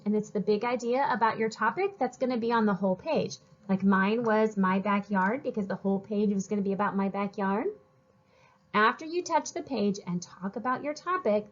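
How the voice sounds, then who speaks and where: A woman teacher giving a recorded writing lesson to young children, speaking slowly and sounding out syllables and letters. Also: a little high, highs cut off. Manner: slow, sing-song, sounds out syllables and letters.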